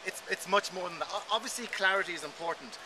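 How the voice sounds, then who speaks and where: A man with a fairly high voice talks quickly and animatedly as a voice coach being interviewed. He demonstrates his points with lively emphasis. Street traffic rumbles clearly behind him outdoors. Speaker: voice coach guest. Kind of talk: conversational interview explanation. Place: outdoors in an urban area.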